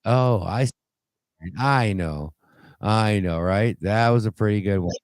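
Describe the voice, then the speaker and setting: A man hosting a call-in talk show, rambling and halting with many fillers and restarts as he reads posts aloud. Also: fairly low pitch, no echo. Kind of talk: casual call-in show commentary.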